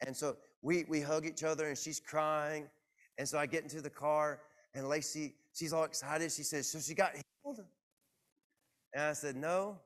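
A man preaching to his congregation, telling a personal story in a lively, self-mocking way. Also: on the high side, moderate pace. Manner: animated, self-deprecating storyteller. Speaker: pastor. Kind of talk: sermon storytelling. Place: church.

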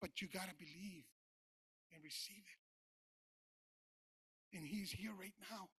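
A man preaching his personal testimony in church, talking informally with many fillers and moving between quiet recollection and loud preaching. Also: high-pitched, measured pace, breathy edge, dry recording. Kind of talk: sermon testimony.

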